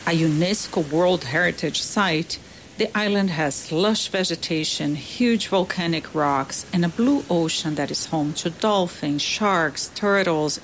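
A woman's voice: lowish voice, a little hiss or hum. Woman reporter narrating a field piece. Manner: clear, deliberate narration. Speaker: news reporter.

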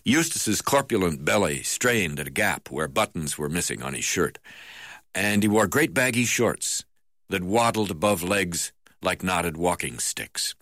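A man narrating a memoir in the first person, halting now and then with "uh" fillers. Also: sits low, lively intonation, a bit bright, dry recording, clean studio sound.

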